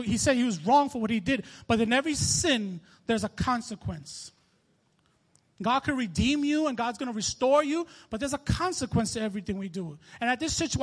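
High-voiced man preaching a sermon. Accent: New York. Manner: reads scripture aloud with slips and restarts, then talks personally. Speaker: minister. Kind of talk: sermon with scripture reading.

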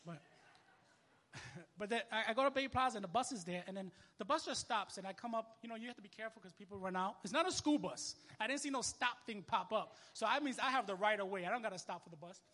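A young man preaching a sermon as a minister, telling a story in casual, animated street talk. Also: sits high, fast, big-room sound.

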